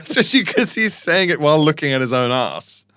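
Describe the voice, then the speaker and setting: Dry-witted man, slightly high voice. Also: very animated, bright, forceful tone. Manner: dry, quick comic riffs. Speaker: podcast co-host. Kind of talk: casual comedic chat.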